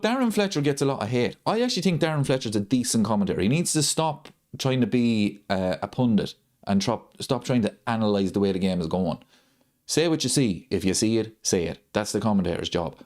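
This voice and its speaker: A man's voice: lowish voice, big pitch swings, fairly quick, a little mellow. Man ranting, repeating every point. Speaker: host of a football watchalong channel. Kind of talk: live stream chat.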